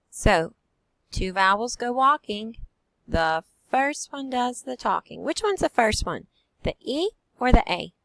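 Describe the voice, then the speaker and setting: Woman teacher, phonics for small children, lively sing-song pitch, gravelly edge. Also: no room sound. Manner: slow, sing-song teacher voice, drawing out sounds. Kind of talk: phonics lesson for young children.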